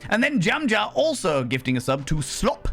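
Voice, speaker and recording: A man live-streaming and chatting to his viewers, loud, brash and theatrical, swearing freely. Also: high-pitched, big pitch swings, normal speed, creaky, soft background music.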